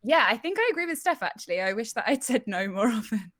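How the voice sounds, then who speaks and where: A woman chatting casually with friends, enthusiastic and quick to laugh. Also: on the high side, sing-song, a bit bright. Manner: giggly, enthusiastic. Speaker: podcast co-host. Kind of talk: casual chat.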